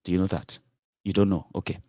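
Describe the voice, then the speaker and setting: A man with a Nigerian accent, giving an animated, casual monologue as a political commentator. He slips into Pidgin and Yoruba phrases. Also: deep voice, fast, no room sound, clean studio sound.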